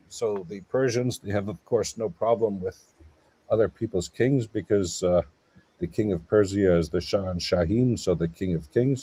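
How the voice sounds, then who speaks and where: Low mellow husky guy rambling through a lecture on a live panel. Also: normal speed, low-quality recording. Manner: digressive, lecturing explanations; mutters while searching for notes. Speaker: guest scholar.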